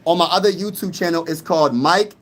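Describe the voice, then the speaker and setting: A man's voice: a little high, fairly quick, fairly bright tone. A young man from Pennsylvania hosting a casual live-stream sports talk, hyped and trash-talking while reading the chat aloud. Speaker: sports channel host.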